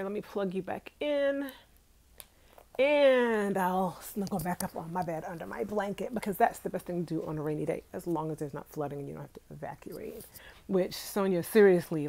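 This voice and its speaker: A young adult woman from Brooklyn, chatting casually and animatedly with her live-stream viewers from her bed at home. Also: fairly low pitch. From Brooklyn, New York, USA. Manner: chatty and animated, talks straight to viewers with Southern "y'all". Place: at home, indoors, on her bed on a rainy day.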